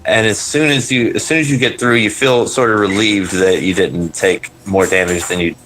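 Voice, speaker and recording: A man with a very low voice narrates a tabletop fantasy game as its game master. He talks hesitantly, full of ums and restarts, as he describes the scene and calls for rolls. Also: steady tone, normal speed, a bit bright, low-quality recording. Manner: hesitant, many fillers and restarts.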